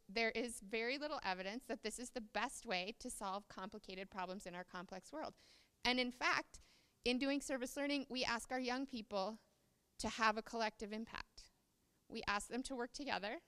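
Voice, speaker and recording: A woman's voice: on the high side, fairly bright tone, clean tone, long reverb tail. A woman giving a conference presentation, explaining ideas and reading passages aloud from notes on a podium microphone.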